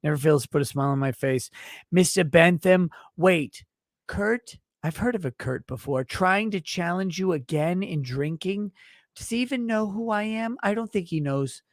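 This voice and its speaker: Hosting a livestream, a man reads viewers' super chats aloud and responds with brash, profane, mock-indignant rants in crude comedic banter. His voice is a little high and at normal speed, recorded cleanly in a studio with no room sound.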